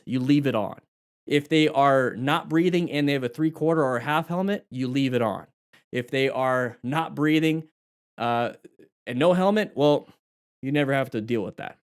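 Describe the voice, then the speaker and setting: A man teaching motorcycle safety, commenting on a crash video in a lively way and asking questions. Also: a little high. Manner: animated, acts out rider dialogue and questions.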